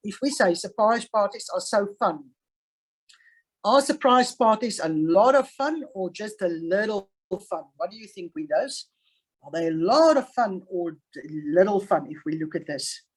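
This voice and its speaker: A woman's voice: mid-range voice, animated, normal speed, breathy edge, low-quality recording. A woman English teacher giving an online grammar lesson on a video call, patient and stressing each example sentence. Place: online class.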